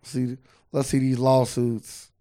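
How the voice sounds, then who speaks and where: A man's voice: mid-range voice, level tone, takes it slowly, mellow. A man co-hosting a podcast, chatting loosely and with plenty of swearing, sometimes reading facts aloud. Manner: loose, profane, reads facts aloud from a screen. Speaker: podcast co-host. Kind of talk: casual chat.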